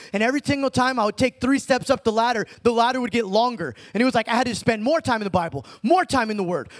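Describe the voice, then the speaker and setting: A young man preaching an informal sermon, animated and slangy, calling listeners dude and man. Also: very high-pitched. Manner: slangy, animated, talks in street terms like dude and bro.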